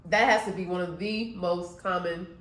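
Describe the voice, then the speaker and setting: A woman from Florida co-hosting a casual chat, talking in a measured, conversational way with frequent fillers. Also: lowish voice, fairly even intonation, a bit bright. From Florida, USA. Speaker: podcast co-host. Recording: echoey room with faint noise.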